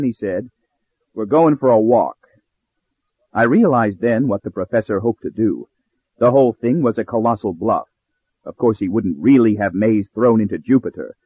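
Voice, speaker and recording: A man narrating a story in an audiobook style with steady, expressive reading, recorded with narrow phone-like sound. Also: lowish voice, breathy edge, no room sound.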